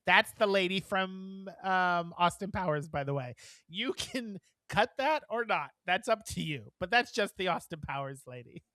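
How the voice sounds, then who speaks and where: A tired man co-hosting a casual podcast, rambling and giggling through his stories. His voice is bright and lively. It is recorded close and dry. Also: high-pitched, normal speed, no echo. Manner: chatty and giggly, rambling with many fillers. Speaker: podcast co-host. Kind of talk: casual chat.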